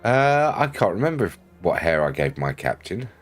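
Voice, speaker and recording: A man's voice: low-pitched, big pitch swings, moderate pace, soft background music. A man chatting casually with viewers while streaming a game, greeting people and laughing often. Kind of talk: casual chat while livestreaming.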